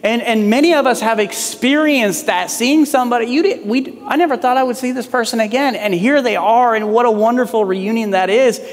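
A man's voice: extremely high pitch, brisk, hardly any pauses, long reverb tail. A man preaching a sermon as pastor, in a conversational way that acts out quoted lines.

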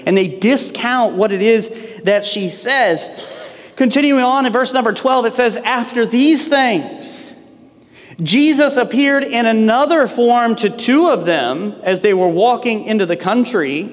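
High-voiced preaching pastor in a hall. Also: male voice, expressive, measured pace. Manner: conversational preaching with acted quotes. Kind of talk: sermon.

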